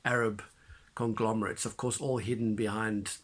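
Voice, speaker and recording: A man giving a casual spoken film review, retelling the plot in an animated way with many fillers and restarts. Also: on the low side, normal speed.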